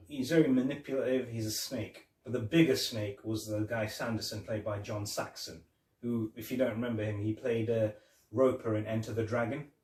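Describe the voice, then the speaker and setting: With a darkish, medium-pitched voice and fairly even intonation, a man co-hosting a podcast rambles at a moderate pace through a casual film review. He replays scenes with quoted lines, laughs and many fillers, recorded on a distant mic in an echoey space.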